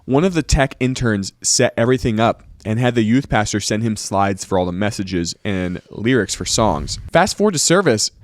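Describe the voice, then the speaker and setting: A man's voice: on the low side, normal speed, few pauses, no echo. Dry-sounding man reading listener stories. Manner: reads submitted stories aloud in a steady, even way. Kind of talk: casual comedic podcast chat.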